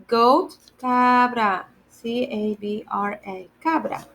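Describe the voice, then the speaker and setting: A woman teaching animal words to children in a slow, patient lesson, repeating each word and spelling it out letter by letter. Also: on the high side, creaky, a bit bright, a little hiss or hum. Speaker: day camp Spanish teacher.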